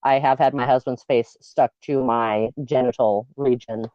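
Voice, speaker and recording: A woman's voice: very deep voice, fairly even intonation, normal speed, dry recording. Woman guest, blunt and crude, casual podcast talk; dull lo-fi remote audio. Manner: blunt, laughing, crude humor. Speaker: guest, piercer.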